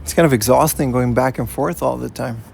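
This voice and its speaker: A man with a medium-pitched, creaky, somewhat mellow voice speaks briskly while live streaming outdoors on city streets, with slight background noise. The IRL streamer uses a portable rig as he walks, casually reading and responding to chat and peppering his talk with "man" and "you know."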